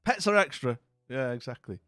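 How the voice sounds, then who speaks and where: A man from northern England streams a game and talks to his chat in a loose, rambling way. His middle-pitched voice rises and falls a lot. The recording is dry and close, with faint music playing behind him. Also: lively intonation, moderate pace, a bit bright, no echo. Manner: rambling and chatty, full of "you know what I mean". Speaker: live streamer. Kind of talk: casual live-stream chat while gaming.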